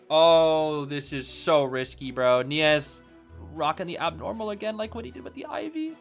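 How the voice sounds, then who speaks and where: A man casually co-watching an esports final, reacting excitedly and often saying "bro". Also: on the high side, a little slow, vocal fry, soft background music. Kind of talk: casual live watch-along commentary.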